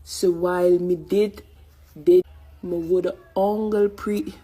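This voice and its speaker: Lady reading bible verses, slow and deliberate. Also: on the low side, steady tone, warm tone, breathy edge, poor audio. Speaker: reader. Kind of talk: reading scripture aloud.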